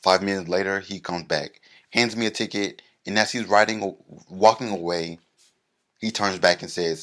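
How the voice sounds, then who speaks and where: A man with a very low, deep voice tells a stand-up story about himself. He mocks himself and lands each beat with animated comic timing. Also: moderate pace. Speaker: comedian.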